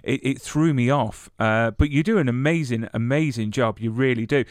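A male interviewer asks long, chatty questions and trips over repeated words as he goes. His voice is mid-pitched and recorded close and dry, with no room sound. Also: moderate pace, dry recording.

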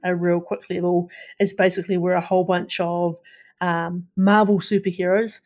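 A woman's voice: fairly low pitch, flat delivery, moderate pace, a little mellow. A woman co-hosting a podcast, sharing film news in a casual, hesitant way with many restarts. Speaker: podcast co-host. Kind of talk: casual pop-culture news chat.

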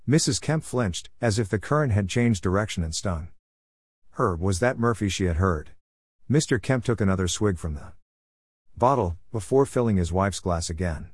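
A man reading a story aloud in a steady, wry narrating manner. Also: lowish voice, normal speed, breathy edge, no room sound, studio quality.

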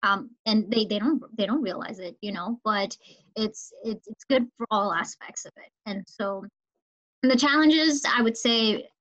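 A woman teacher from Minnesota telling an emotional story in a relaxed conversation. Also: medium pitch, measured pace, dull audio. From Minnesota, United States. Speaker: teacher, podcast guest. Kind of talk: casual conversation.

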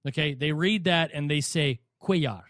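Animated man hosting a boxing podcast. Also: a little high, normal speed, no room sound, studio quality. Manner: animated, mock-pronounces names, laughs often. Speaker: podcast co-host. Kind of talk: casual boxing chat.

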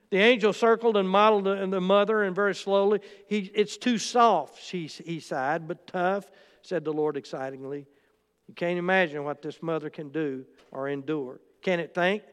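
High-voiced preacher in a reverberant hall. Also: male voice, clear, resonant tone. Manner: storytelling with quotes and asides. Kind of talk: sermon.

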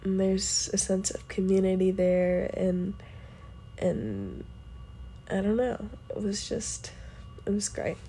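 A woman telling a story in a casual, chatty way. She uses lots of fillers and acts out quoted lines in a higher voice. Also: slow pace, pauses often, dark tone, a little hiss or hum. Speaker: podcast host.

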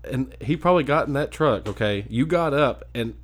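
A man's voice: medium pitch, expressive, normal speed. A man in casual chat who laughs often and cuts in with eager questions and jokes. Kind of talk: casual chat, reacting and teasing.

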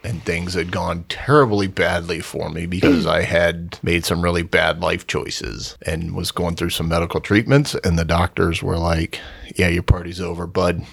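A man in his fifties, a podcast guest, telling a story in a joking, animated way and acting out what people said. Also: deep voice, normal speed, vocal fry, few pauses, breathy edge. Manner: joking, animated, acts out quotes in voices. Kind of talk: casual storytelling interview.

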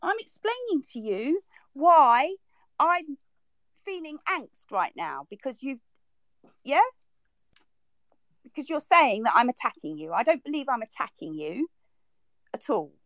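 A woman's voice: sits high, sing-song, a little slow, pauses often, fairly bright tone, no room sound. A woman in a heated online group argument, exasperated and defensive, her voice leaping up when she is upset. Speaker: participant in a social audio chat.

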